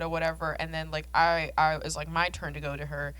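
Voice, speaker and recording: A woman in her twenties from South Florida co-hosts a casual podcast chat. Her voice sits low but comes out bright and forceful. She tells animated stories, swearing freely and filling her sentences with "like.". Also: brisk, clear, resonant tone, poor audio. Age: 20s. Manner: animated storytelling, heavy swearing and "like" fillers. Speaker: podcast co-host.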